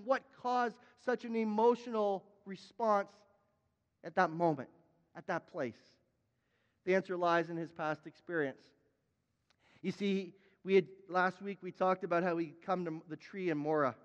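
A man preaching a sermon as a pastor, emphatic, repeating his words and now and then crying out loud. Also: high voice, steady tone, moderate pace, long reverb tail, muffled recording.

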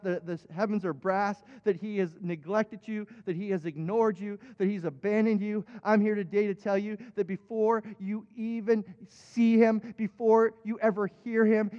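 A man's voice: high voice, darkish tone. A male pastor preaching a sermon with impassioned emphatic peaks. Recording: dull recording with long hall reverb.

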